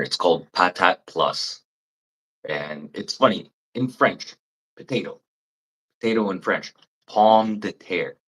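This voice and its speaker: A Canadian man chatting with viewers on a livestream, blunt and rambling, swearing freely and mimicking people in high mocking voices. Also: sharp tone, husky, low-quality recording. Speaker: livestream host. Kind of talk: casual live chat with viewers.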